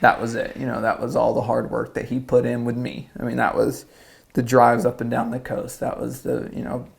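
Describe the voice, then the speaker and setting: A man's voice: mid-range voice, completely flat delivery, normal speed, creaky. A young man from South Carolina, a surfer and podcast guest, telling a story casually and rambling with lots of "like". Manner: rambling, lots of "like", acts out quotes.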